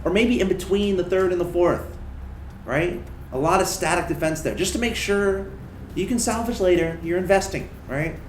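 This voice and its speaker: A man doing casual esports commentary on a strategy game match, chatty and excitable. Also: high-pitched, moderate pace, roomy sound, slight background noise.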